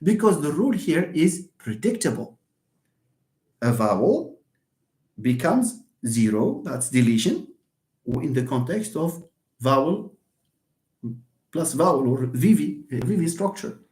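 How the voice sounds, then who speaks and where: A man's voice: a little high, very animated, a little slow, pauses often, a little mellow. A man lecturing live, answering his own questions and often repeating words as he thinks aloud. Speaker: university lecturer. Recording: roomy echo.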